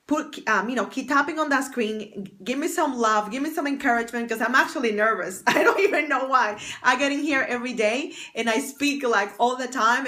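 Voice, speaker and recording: Woman livestream host, bright forceful voice, fairly high, chatty, bubbly, greets viewers by name. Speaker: fashion stylist and confidence coach, livestream host. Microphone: external mic on phone stream.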